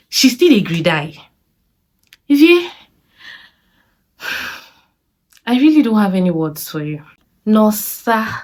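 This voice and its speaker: A young woman with a Nigerian accent reviewing a series in casual, opinionated talk, animated and exasperated, firing off rhetorical questions and slipping into Pidgin phrases. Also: medium pitch.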